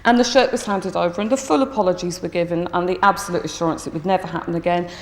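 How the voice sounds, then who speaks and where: A woman teacher telling a story from her school to an audience, lively and acting out her own thoughts. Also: lowish voice, fast talker, a little hiss or hum. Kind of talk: storytelling talk. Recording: echoey hall with long reverb.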